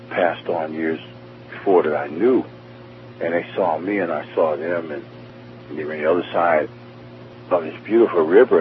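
A man earnestly telling his near-death testimony as a guest, often repeating and restarting his words. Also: deep voice. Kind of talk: emotional personal testimony. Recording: tinny phone line with faint hum.

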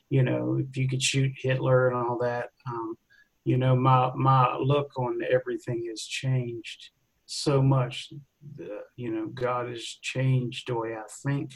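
Guy in a bible group telling his testimony, flat even voice, kinda halting. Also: mid-range voice, low-quality recording. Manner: conversational, halting. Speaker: Bible study member. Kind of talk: personal testimony.

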